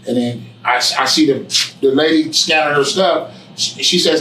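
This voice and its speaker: A man's voice: a little high, moderate pace, bright, forceful tone. Rambling man telling a story in an echoey room. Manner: rambling, repetitive, peppered with profanity and "you know what I'm saying". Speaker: interview guest. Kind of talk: casual storytelling conversation. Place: barbershop, indoors. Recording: echoey room, mic at a distance.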